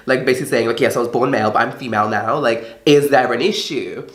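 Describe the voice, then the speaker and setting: In an echoey room, a young woman vlogger tells a story with a rumbling low voice, talking quickly with few pauses. She's chatty and casual, swears a lot, and performs the voices of the people she quotes.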